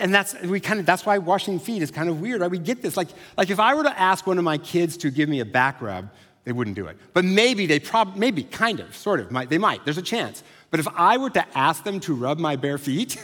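A man preaching a sermon as a pastor, conversational with animated asides. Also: high-pitched, normal speed. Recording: long hall reverb.

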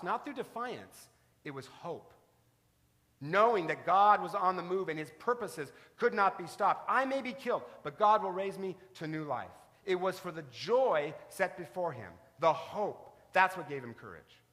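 Male pastor, high voice, storytelling sermon, reverberant church. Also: fairly bright tone. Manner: storytelling preacher, varied emphasis. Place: church sanctuary.

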